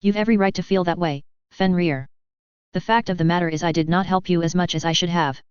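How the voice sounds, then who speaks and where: A woman voicing an old, patient headmaster wizard who speaks in a calm, formal, measured way, in an audiobook reading. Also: fairly low pitch, clear, resonant tone, no echo, natural voice. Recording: dull dry lo-fi audio.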